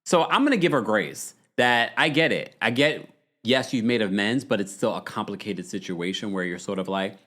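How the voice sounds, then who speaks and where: Animated man hosting a recap show. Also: moderate pace. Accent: New York. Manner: animated, swings up high when amused. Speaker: podcast host. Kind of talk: casual recap chat reading live comments.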